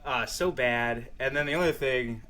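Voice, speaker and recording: Excitable man, casual sports chat. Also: medium pitch, moderate pace, a little hiss or hum. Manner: excitable, swears and laughs often. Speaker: podcast co-host.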